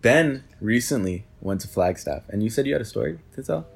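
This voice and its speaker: A man in casual group chat, jumping in with quick questions. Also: medium pitch, expressive, creaky, breathy edge.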